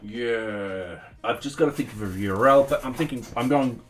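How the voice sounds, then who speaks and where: A man giving casual think-aloud commentary as he codes at home, pausing and restarting mid-sentence and now and then chatting to his cat. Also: medium pitch. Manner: chats to his cat between tasks. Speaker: software developer streaming his coding. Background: faint music and keyboard typing.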